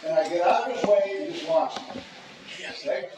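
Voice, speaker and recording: A man's voice: high voice, moderate pace. A man teaching a self-defense seminar, joking and repeating words as he talks through demonstrations. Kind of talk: teaching a martial arts seminar. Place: large echoey training hall. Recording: echoey hall from far off with loud room noise.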